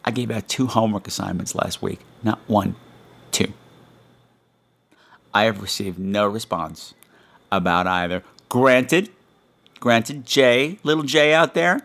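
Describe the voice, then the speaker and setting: A man's voice: fairly low pitch, unhurried, vocal fry, pauses often, fairly bright tone. A man hosting his own podcast in casual chat, campy and teasing, scolding his listeners in a mock-stern way. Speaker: podcast host. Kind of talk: casual solo podcast talk.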